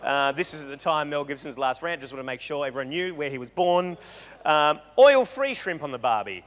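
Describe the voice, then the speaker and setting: Man, stand-up style speaker, bright edgy tone, loose rambling delivery, reverberant hall recording. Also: fairly high pitch, a little fast. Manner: animated, joking, rambling with self-interruptions. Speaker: guest speaker at a live talk event. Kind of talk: comedic storytelling talk. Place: event hall with an audience.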